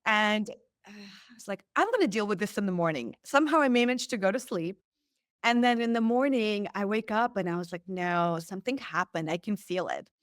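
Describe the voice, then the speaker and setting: A woman guest on a podcast, telling a personal story with lively acted-out quotes. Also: medium pitch, normal speed, dry recording, studio quality. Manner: animated, acts out quoted lines. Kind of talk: storytelling in an interview.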